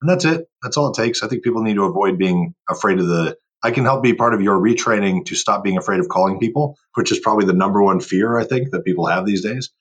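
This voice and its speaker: Guest, male, deep husky voice, driven and emphatic, interview chat. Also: quick pace, few pauses. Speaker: guest, board game company owner. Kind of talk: casual podcast interview.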